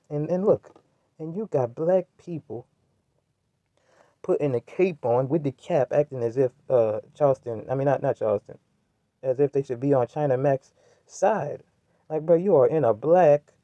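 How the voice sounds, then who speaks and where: A man's voice: on the high side, no room sound. Guy ranting hard on his vlog, slangy and repeating himself, dull dry audio. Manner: heated, rambling, with slang and restarts. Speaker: commentary vlogger. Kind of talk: ranting commentary.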